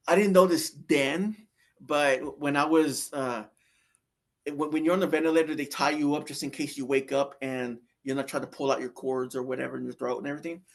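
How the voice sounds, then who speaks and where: A man recounts his near-death experience as a guest, in loose, casual storytelling. His voice sits on the higher side for a man. He rambles, circling back with fillers and restarted phrases.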